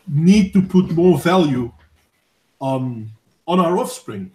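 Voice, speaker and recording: A man in his thirties hosting a casual debate, talking in an earnest, measured way with frequent restarts. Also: a little high, animated, a little mellow. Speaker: host of a voice chat discussion. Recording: echoey room.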